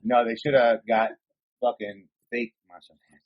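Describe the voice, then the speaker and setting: A man co-hosts a casual podcast and swears freely as he rambles with excitement. His voice sits at an ordinary pitch. The recording sounds a little dull and lo-fi. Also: normal speed. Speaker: podcast co-host. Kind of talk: casual chat.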